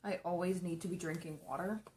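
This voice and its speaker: A woman's voice: lowish voice, steady tone, fairly quick, darkish tone, a little hiss or hum. A young woman casually telling stories while doing her makeup, chatty and rambling, swearing freely. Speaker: makeup streamer.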